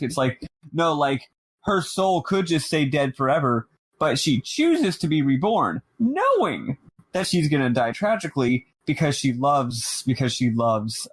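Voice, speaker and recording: Laughing, animated male podcast co-host. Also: mid-range voice, dry recording. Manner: animated, laughs often, quick asides. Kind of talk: casual chat.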